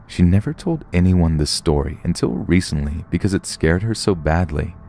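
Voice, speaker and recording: A man with a very low, dark voice narrates scary true stories. His pitch moves a lot as he tells them, rising and falling with the story. The telling is scripted and steady. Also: normal speed, creaky, slight background noise. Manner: storytelling, puts on short voices for quoted people.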